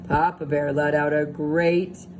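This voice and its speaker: A woman teacher reading a storybook aloud to young children, expressive and pausing to ask them questions. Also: medium pitch. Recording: steady background hiss.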